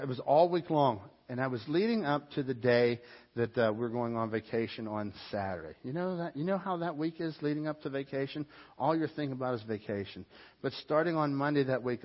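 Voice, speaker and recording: Male pastor, mid pitch, storytelling sermon that swells into loud, urgent passages; dull lo-fi sound. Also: big-room sound. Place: church.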